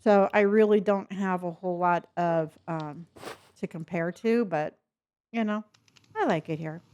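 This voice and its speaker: A Californian woman with a fairly low, slightly mellow voice speaks a little slowly on a dull-sounding recording. Her neutral accent carries a faint Southern lilt as she chats in a friendly way with her live stream viewers and talks to her pets.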